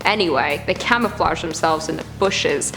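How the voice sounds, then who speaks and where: A woman's voice: low-pitched, normal speed. Squeamish woman reacting over music. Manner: squeamish, groaning and exclaiming in disgust. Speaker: reaction video host. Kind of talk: casual reaction commentary.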